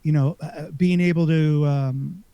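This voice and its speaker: A man's voice: a little high, steady tone, measured pace, dark tone, clean tone, no room sound. A man co-hosting a podcast, chatting casually and rambling about a video game with lots of fillers and restarts. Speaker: podcast co-host. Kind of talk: casual gaming chat.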